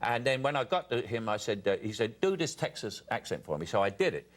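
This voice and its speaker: A man's voice: mid-range voice, very animated, brisk. A man in his seventies with a Cockney accent, a talk show guest telling anecdotes with quoted dialogue. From England. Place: TV studio with audience.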